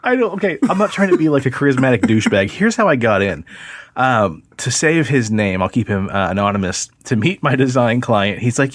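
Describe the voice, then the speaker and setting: A man's voice: mid-range voice, brisk, no room sound. A man hosting a podcast, chatting casually and telling stories with a laugh. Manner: laughing storyteller, animated. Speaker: podcast host.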